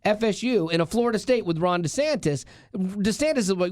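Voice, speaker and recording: A man's voice: sits high, lively intonation, a little fast, darkish tone, dry recording, clean studio sound. A married man co-hosting a talk show, telling stories casually and ranting with passion. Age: adult, married. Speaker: radio show co-host. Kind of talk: casual studio banter.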